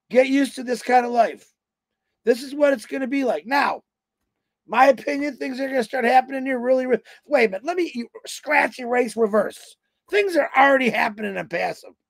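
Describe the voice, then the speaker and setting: A man's voice: extremely high pitch, gravelly, no room sound. A man in his fifties giving a rambling, folksy motivational talk on a livestream, telling road-trip stories. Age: 50s. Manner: folksy, storytelling, acts out quoted voices. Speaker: motivational speaker on a company livestream.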